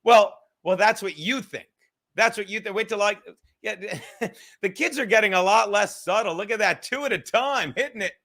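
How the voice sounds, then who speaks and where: Bright, rambling, profane man. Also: sits high, normal speed. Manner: rambling, profane, joking with the chat. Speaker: livestream podcast host. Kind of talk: casual livestream chat with viewers.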